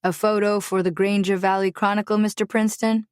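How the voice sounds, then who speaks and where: A woman's voice: medium pitch, little pitch movement, brisk, darkish tone, clear, resonant tone, no room sound, studio quality, close to an everyday voice. A woman voicing an eager, gossip-hungry male photographer with a nosy manner.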